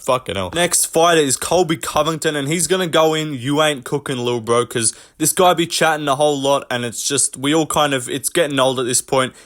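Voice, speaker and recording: Young guy ranting, blunt, swears a lot, mocks everyone, normal pitch. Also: fairly bright tone. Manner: blunt, mocking, profane. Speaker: host. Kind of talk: casual commentary rant.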